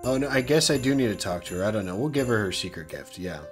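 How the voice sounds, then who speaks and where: A man's voice: lowish voice, expressive, fast talker. A man giving casual, upbeat commentary as he plays, chatty and self-deprecating, his voice a little worn. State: losing his voice. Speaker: let's play host. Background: faint game music.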